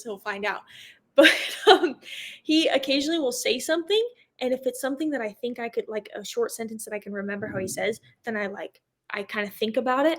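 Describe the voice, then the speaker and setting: A young woman with an American accent chats easily as a podcast guest. Her voice sits a little high, and she laughs often and scatters fillers through her talk. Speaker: guest, motocross racer. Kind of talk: casual interview chat.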